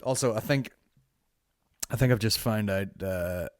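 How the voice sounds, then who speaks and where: A young Northern Irish man hosting a podcast, telling a story in a sweary, animated way and acting out the voices of the people in it. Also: on the low side, unhurried, no room sound, studio quality. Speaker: podcast host. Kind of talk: casual storytelling.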